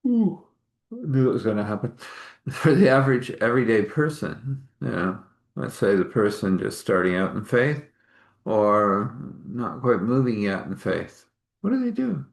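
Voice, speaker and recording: A man hosting a live meditation talk and storytelling session, speaking in a rambling, chatty way. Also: on the low side. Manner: rambling and chatty, with laughs and apologies for yawning. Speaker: spiritual healer and host.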